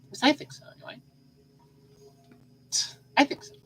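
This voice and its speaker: A woman's voice: normal speed, a bit bright, poor audio. A woman hosting a solo podcast in a casual, rambling way, full of fillers and repeated phrases, and sleepy. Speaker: podcast host.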